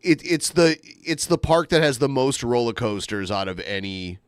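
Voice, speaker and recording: A man co-hosting a casual live stream podcast, talking in animated, jokey rants and swearing freely. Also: medium pitch, normal speed, clean tone, no echo, clean studio sound. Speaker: podcast co-host.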